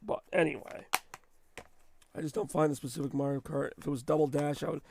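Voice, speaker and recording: Hoarse, gravelly-voiced game-stream host. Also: male voice, a little high, fairly even intonation, brisk, dark tone, dry recording, clean studio sound. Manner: rambling, chatty, self-deprecating. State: hoarse from a sore throat. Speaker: host of a retro gaming stream. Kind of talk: casual live-stream commentary. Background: faint game music.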